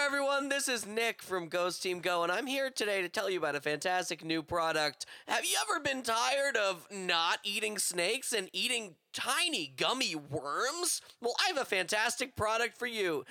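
A man co-hosting a comedy podcast, doing playful mock-salesman ad pitches. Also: bright, forceful tone. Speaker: podcast co-host.

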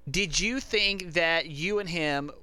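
A woman interviewer keeps her questions short and steers the story along. Her voice sits low and smooth, and the sound is dry. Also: takes it slowly, bright, forceful tone, no room sound. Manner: brief prompting questions and acknowledgements.

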